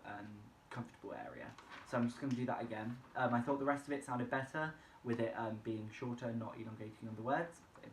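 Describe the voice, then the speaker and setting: A man's voice: medium pitch, fairly bright tone, far from the mic. A man thinking aloud about his own singing practice, talking through each attempt and picking out what to fix. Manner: self-critical, talks through each attempt. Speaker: singing student. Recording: echoey room with faint hum.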